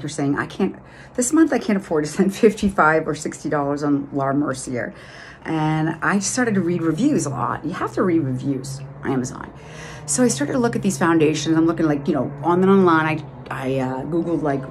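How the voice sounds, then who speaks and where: A middle-aged beauty vlogger with a Boston accent and a low voice chats enthusiastically through a casual makeup tutorial, using lots of fillers. There's a little hiss or hum in the recording.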